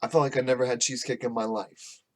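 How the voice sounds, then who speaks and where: A man's voice: medium pitch, steady tone, quick pace. Profane, rambling male podcast host. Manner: profane, rambling, laughs often. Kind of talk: casual rambling monologue. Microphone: podcast microphone.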